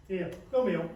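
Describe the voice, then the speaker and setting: A man's voice: lo-fi sound, a little hiss or hum, lightly acted. Man acting as wealthy snob, pompous, distant mic. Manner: sneering, grandly dismissive. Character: pompous wealthy older man, snobbish and smug. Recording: echoey hall, far from mic.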